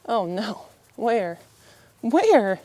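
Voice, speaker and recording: A woman's voice: mid-range voice, sing-song, drawn-out words, no echo. Chatty woman soothing a horse outdoors. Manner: soothing, chatty, often laughing, talks gently to the horse. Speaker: horse owner and vlogger. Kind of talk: casual vlog narration while tending a horse. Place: outdoors at a horse pen, windy.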